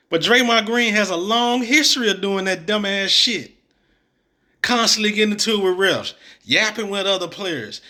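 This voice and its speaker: This male sports commentator has a high, bright, forceful voice. He offers opinionated reactions to a coach's press conference clips, exasperated and blunt, leaning on slang and mockery.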